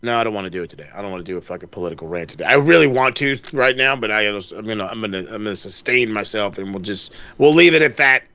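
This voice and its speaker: A man co-hosting a podcast, chatting casually with a profane, animated ranting manner. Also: fairly low pitch, fast, hardly any pauses, no echo. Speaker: podcast co-host. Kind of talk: casual chat.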